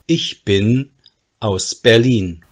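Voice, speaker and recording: A man reading the part of a forty-year-old making small talk in a textbook dialogue, with a husky voice. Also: lowish voice. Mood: friendly. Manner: very slow, careful textbook dialogue.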